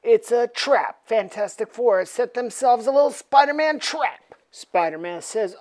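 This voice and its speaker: A woman's voice: on the high side, lively intonation, a little slow, few pauses, darkish tone. A woman reviewing a comic book by retelling it in a playful, jokey storytelling manner.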